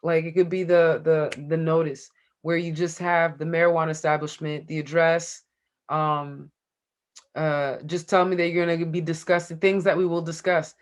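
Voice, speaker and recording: A woman teaching a law class in a casual, joking way, talking straight to her students. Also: low-pitched. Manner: joking, chatty, addresses the class directly. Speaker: law course instructor.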